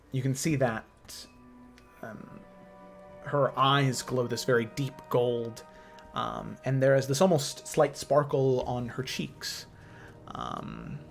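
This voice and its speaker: A man's voice: medium pitch, gravelly. A man narrating as game master, describing scenes unhurriedly with many fillers.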